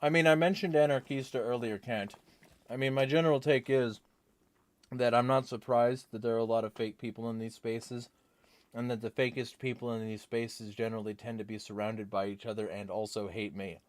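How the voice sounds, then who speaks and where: A man's voice: mid-range voice, steady tone, fairly quick, dry recording. A young man hosting a livestream, reading chat comments and answering them in a rambling, wry way.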